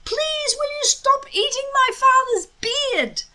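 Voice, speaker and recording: A woman's voice: very high-pitched, lively intonation, unhurried, noisy background, voice pushed up. A woman voicing an anxious young Viking boy who strains to keep his patience and ends up pleading, in a storybook read-aloud.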